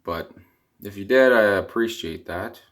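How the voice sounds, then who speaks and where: A man's voice: lowish voice, measured pace, fairly bright tone. A young Canadian man ranting casually to camera in a rambling, dejected, exasperated way, his voice cracking at times. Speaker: vlogger, hockey fan.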